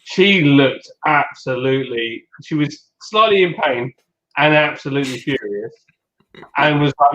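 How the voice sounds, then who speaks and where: A man chatting on a podcast in a fairly high voice, bursting into livelier tones when he quotes people. The sound is dull and lo-fi. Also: unhurried. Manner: animated, acts out quotes in a higher voice. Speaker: podcast host. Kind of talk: casual chat, storytelling. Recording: dull lo-fi audio.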